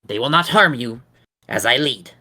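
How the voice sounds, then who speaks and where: A man voicing a small, nervous male imp servant with a high, eager, fawning voice. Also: expressive, moderate pace, sharp tone.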